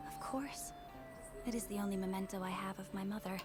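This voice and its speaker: A woman's voice: mid-range voice, steady tone, brisk, loud music behind the voice, close to an everyday voice. A woman voicing a young noblewoman, video game, formal, old-fashioned speech, earnest.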